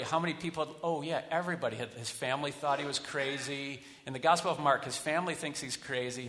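Conversational preacher in a reverberant hall. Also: male voice, medium pitch, a little hiss or hum. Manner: conversational preaching, swinging from quiet asides to loud rallying builds. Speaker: pastor. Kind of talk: sermon.

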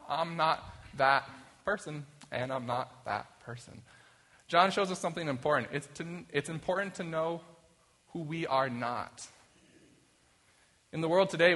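Bright-voiced man preaching in an echoing hall. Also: on the high side. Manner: conversational, plays quoted voices for effect. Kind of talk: sermon. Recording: long reverb of a hall.

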